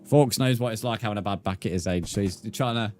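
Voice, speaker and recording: A man's voice: fairly low pitch, fast, noisy background. A man chatting casually with viewers while streaming a game, rambling and full of crude jokes. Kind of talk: casual live-stream chat while gaming.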